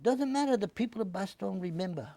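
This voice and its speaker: An older man voicing a warm, eager middle-aged Belgian woman who works as a shop clerk, in a raised voice while telling a story. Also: mid-range voice, lively intonation, a little fast, no echo, pitched above the performer's own voice.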